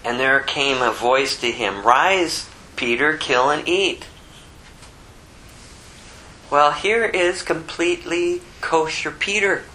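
A man's voice: fairly high pitch, bright, forceful tone, a little hiss or hum, low-quality recording. A man giving a casual Bible teaching, rambling with conversational asides. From Phoenix area. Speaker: preacher.

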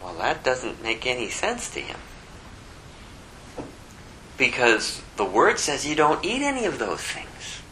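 A man's voice: a little high, pushed and bright, a little hiss or hum, poor audio. A man giving a casual Bible teaching, rambling with conversational asides. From Phoenix area. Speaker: preacher.

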